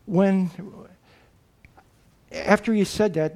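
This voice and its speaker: Brief: man, preacher, high voice, slow and deliberate delivery, earnest. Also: darkish tone. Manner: reflective, earnest, with pauses and restarts. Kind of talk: sermon.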